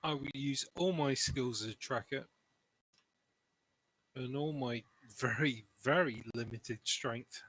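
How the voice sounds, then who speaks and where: A man's voice: mid-range voice, slow pace, a bit bright, breathy edge, dry recording, low-quality recording. A man playing a tabletop game, joking and wry. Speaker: player. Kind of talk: tabletop game role-play.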